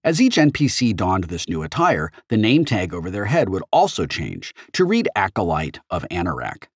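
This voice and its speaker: Deep lively guy reading an audiobook, really dry close mic. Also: moderate pace, breathy edge, no room sound. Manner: expressive storytelling. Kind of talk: audiobook narration.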